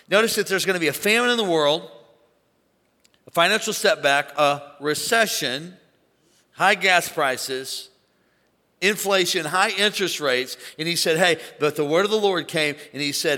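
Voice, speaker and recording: A man preaching an animated sermon to a church congregation, calling on them to shout along. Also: a little high, normal speed. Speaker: pastor. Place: large church auditorium. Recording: long hall reverb.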